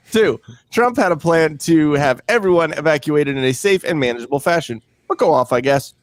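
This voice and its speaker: A man's voice: on the high side, animated, normal speed, no room sound. A man hosting a podcast, talking in a brash, crude and mocking casual way. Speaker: podcast host. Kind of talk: casual chat.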